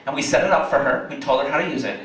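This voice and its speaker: A young man performing a stand-up comedy set in a club, animated storyteller. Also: a little high, rapid-fire. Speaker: stand-up comic. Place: comedy club in front of a live audience. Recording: echoey club, mic from a distance, audience laughing.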